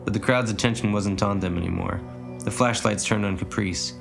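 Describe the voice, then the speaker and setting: Low, gravelly male narrator. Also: fairly even intonation, a little fast, over music. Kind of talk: audiobook reading.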